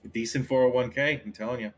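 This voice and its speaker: A man's voice: mid-range voice, fairly even intonation, fast talker, close to an everyday voice. A man voicing a chatty, affable skeleton who talks in a dry, offhand, joking way. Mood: businesslike.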